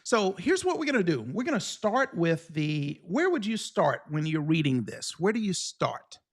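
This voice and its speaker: High-voiced energetic male exam coach. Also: moderate pace. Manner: energetic, checks in often with the class. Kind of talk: live online lesson.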